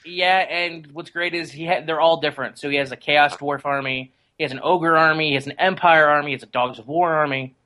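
A man's voice: a little high, fairly even intonation, fairly quick, few pauses, sharp tone, poor audio. A man as a podcast guest, chatting casually and enthusiastically with jokes.

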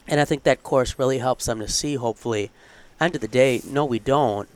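A man's voice: mid-range voice, a little fast. Male academic co-host, conversational and earnest, loose unscripted delivery. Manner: conversational, earnest, thinks aloud with asides. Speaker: podcast co-host, college theology professor. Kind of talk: casual podcast chat.

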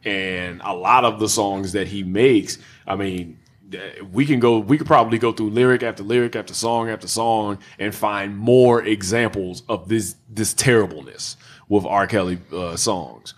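A man with a deep, husky voice lays out his argument at length in a casual group conversation. He sounds measured and analytical, building his point step by step.

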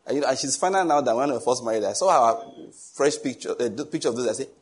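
A man's voice: medium pitch, quick pace, slightly rough. A middle-aged male pastor preaching a sermon, telling stories with a jovial, teasing manner and frequent chuckles. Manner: teasing, animated asides.

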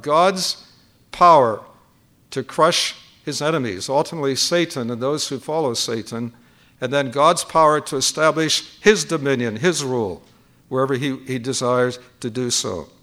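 A man's voice: mid-range voice, a bit bright. An older man preaching at a conference, teaching point by point and repeating key phrases for emphasis. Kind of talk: sermon.

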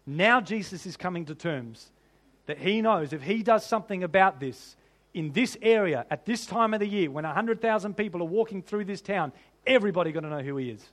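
High-voiced preacher. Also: male voice, a little fast. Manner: animated and humorous, laughs often, piles up rhetorical questions. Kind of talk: sermon.

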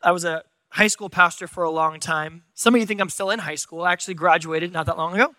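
A man's voice: high-pitched, fast talker, bright, forceful tone, dry recording. A man from San Diego preaching a sermon in a church, telling stories with joking, self-deprecating humor. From San Diego, USA. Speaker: pastor. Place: church stage.

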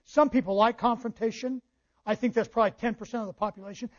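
A man's voice: extremely high pitch, lively intonation, quick pace. A male pastor preaching a sermon, reading scripture aloud and explaining it to his congregation. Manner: preaching with quoted scripture and asides. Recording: dull lo-fi church recording.

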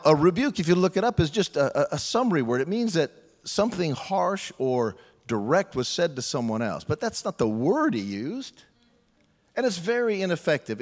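A man preaches a sermon in a loose, joking, conversational way, slipping into quoted voices as he goes. His voice sits a bit high for a man. The sound rings with long reverb, as if from a big hall. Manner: conversational, humorous, acts out quotes.

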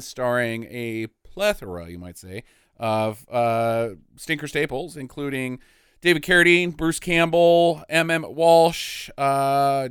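A man co-hosting a podcast, talking in a lively, swooping way with a smooth, clear voice. His delivery is jokey and loose, and he swears freely. The sound is dry and close. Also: a little high, no echo. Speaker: podcast co-host. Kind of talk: casual chat.

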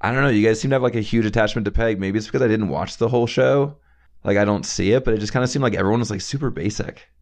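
A low-voiced man speaks very fast as a podcast co-host in a casual TV-show review. He's relaxed and slangy, filling his speech with "dude" and "like."

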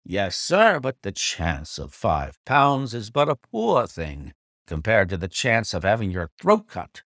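A man voicing a gruff little coachman. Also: lowish voice, huge pitch swings, unhurried, a bit bright, no echo, clean studio sound, exaggerated voice. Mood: grave warning. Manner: blunt, earnest warning. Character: gruff hard-faced little old coachman.

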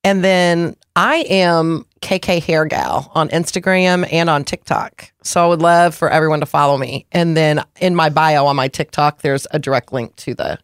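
A woman's voice: low voice, fairly even intonation, normal speed, hardly any pauses, clean tone, no room sound, clean studio sound. Chatty, emphatic woman in her forties. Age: 40s. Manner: chatty, emphatic, laughs often. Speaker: guest, podcaster and hairstylist. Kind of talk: casual chat. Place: studio.

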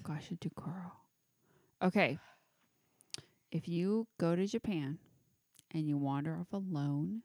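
A woman's voice: low voice, dark tone, no echo, studio quality. Giggly tipsy woman podcast host. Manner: giggly, swearing, stumbling over names. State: tipsy, with hiccups. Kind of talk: casual chat, reading a list of creepy legends.

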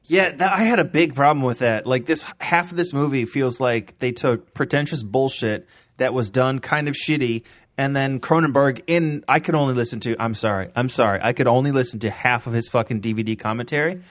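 A man's voice: medium pitch, brisk, no echo. A man with a mid-range voice on a movie podcast, blunt and scornful, swearing as he rants. His voice is recorded very dry and close, with no room sound. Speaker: podcast co-host. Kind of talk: casual movie discussion.

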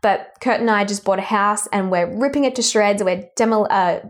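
A woman's voice: medium pitch, fairly quick. Bubbly young Australian woman. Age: young adult. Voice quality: bubbly, laughs often, says "like" a lot. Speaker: guest. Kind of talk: casual chat.

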